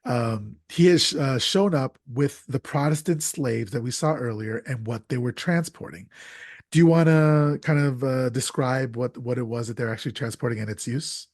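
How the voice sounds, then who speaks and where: A man's voice: mid-range voice, moderate pace, a little mellow, no room sound, studio quality. A man hosting a casual podcast, recapping a film's plot with lots of ums and restarts. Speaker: podcast host. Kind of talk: casual podcast film discussion.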